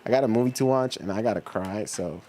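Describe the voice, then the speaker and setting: A man's voice: fairly low pitch, fast, warm tone, slight background noise. A middle-aged man hosting a livestream, chatting casually with viewers in a laid-back, slangy way and laughing often. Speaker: livestream host reading chat. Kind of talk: casual chat reading viewer comments.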